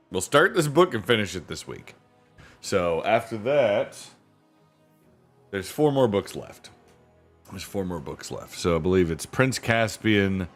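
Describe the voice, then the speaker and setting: A tired man hosting a livestream from home, chatting casually with viewers in a rambling way and repeating himself. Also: deep voice. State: tired from a sleepless night. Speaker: livestream host reading books aloud. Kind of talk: casual chat with live viewers. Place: home with family nearby.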